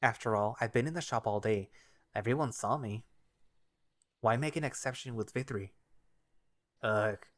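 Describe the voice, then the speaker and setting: A man's voice: mid-range voice, normal speed, pauses often. Man narrating a first-person audio story.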